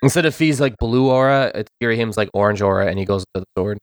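A man co-hosting a casual game podcast, animated and laughing often, breaking into quick villain impressions. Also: lowish voice, no room sound, studio quality. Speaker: podcast co-host. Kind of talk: casual chat.

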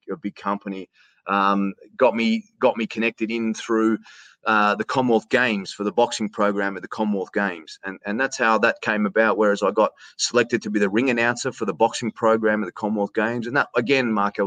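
A middle-aged Australian man in a casual interview, telling stories in a chatty, animated way and calling the host "mate". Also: fairly low pitch, no echo. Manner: chatty, animated storyteller who says "mate" often. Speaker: interview guest, sports announcer.

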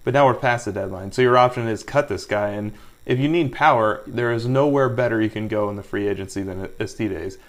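Nasal man in energetic sports chat. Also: lowish voice, brisk. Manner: energetic, joking, emphatic. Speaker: fantasy baseball podcast co-host.

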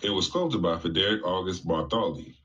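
A man's voice: sits low, brisk, fairly bright tone, far from the mic, muffled recording. A man who works as a teacher, telling a story in a casual, slangy, joking video clip.

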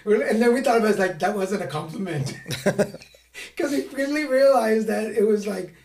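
A man from California, a podcast guest, telling a story in a lively, self-mocking way and acting out other voices. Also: high voice, normal speed, creaky, a little hiss or hum. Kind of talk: casual storytelling. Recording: echoey room.

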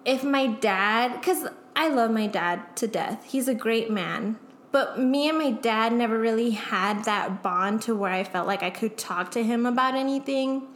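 Young woman guest, slightly high voice, raw and candid, roomy echo. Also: unhurried, a bit bright. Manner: emotional, frequent "like" fillers, swearing. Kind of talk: candid casual chat. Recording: echoey room.

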